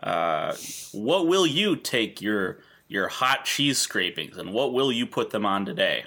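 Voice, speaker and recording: Man, podcast co-host, bright voice, rambling, crude humor. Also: on the low side, very animated, a little slow. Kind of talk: casual podcast banter.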